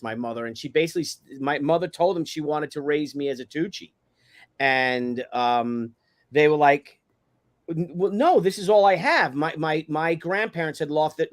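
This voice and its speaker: Candid, rambling man on a stream. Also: a little high. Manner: candid, rambling personal storytelling. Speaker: show host. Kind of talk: casual chat on a live stream.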